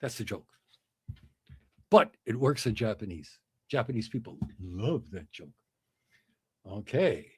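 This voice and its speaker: Middle-aged male streamer, lively pitch, slightly husky, dry close sound. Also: a little slow, pauses often, no room sound. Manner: chuckling, acts out joke voices with big pitch swings. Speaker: livestream host. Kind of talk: casual chat, reading viewer comments and telling jokes.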